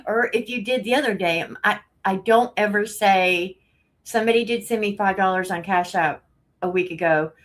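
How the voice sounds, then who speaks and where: A woman's voice: medium pitch, a bit bright. Chatty breathless woman live-streaming. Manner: chatty, rambling, laughs often, greets viewers. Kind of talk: casual live stream chat.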